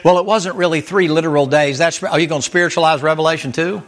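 A man's voice: a little high, fairly even intonation, quick pace, few pauses, a bit bright. A man preaching a sermon in a folksy, emphatic way, chuckling often and repeating himself. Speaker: pastor.

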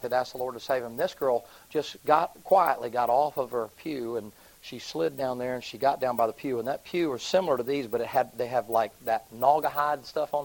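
A man preaching, telling a story in a sermon. He swings from hushed, low passages to loud, high, excited ones. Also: poor audio.

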